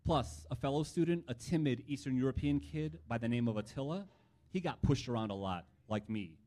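A man's voice: medium pitch, animated, fairly quick, warm tone. A man telling a first-person story from his own life in a wry, reflective way.

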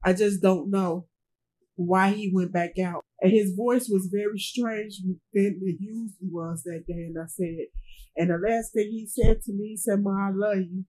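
A middle-aged woman, a grieving mother, speaking in an interview in a halting way, often repeating herself and trailing off. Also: mid-range voice, steady tone, mellow, slight background noise, poor audio. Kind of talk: emotional interview testimony.

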